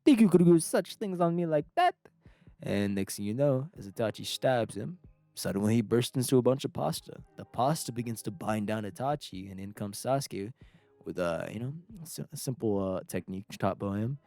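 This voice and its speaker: A man's voice: on the low side, a little fast, creaky, darkish tone, no echo. A young man casually narrating a comic fan story, rambling and profane, with lots of fillers. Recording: dry close mic with faint music.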